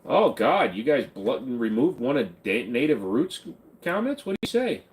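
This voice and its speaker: A man's voice: medium pitch, sing-song, normal speed. A man hosting a casual livestream Q&A, answering viewer questions in a blunt, offhand and joking way. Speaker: channel host.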